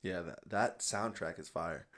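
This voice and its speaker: A man's voice: sits low, a little slow, fairly bright tone. A young man co-hosting a podcast, chatting casually, opinionated and laughing often as he argues. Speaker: podcast co-host. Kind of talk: casual chat.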